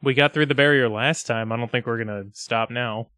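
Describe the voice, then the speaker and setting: A man's voice: mid-range voice, brisk, pushed and bright, no echo. A man playing a tabletop role-playing game, goofy and playful in character. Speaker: player.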